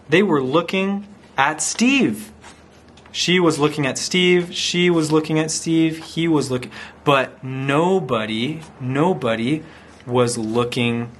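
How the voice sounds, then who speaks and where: A man teaching a language by reading a picture story aloud, repeating simple phrases and acting out sounds. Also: a little high. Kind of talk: slow storytelling for language learners.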